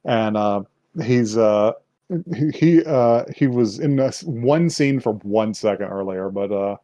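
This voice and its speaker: Animated, laughing man recapping a show. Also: on the low side, takes it slowly. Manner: animated, laughing storyteller who acts out voices. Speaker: podcast host. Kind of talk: casual chat recapping an anime.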